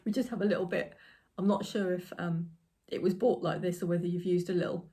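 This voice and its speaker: Chatty woman with a mellow voice. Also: on the low side, steady tone, brisk. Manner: chatty, rambling, giggly. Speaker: crafting podcast host. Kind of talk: casual chat. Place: home crafting room.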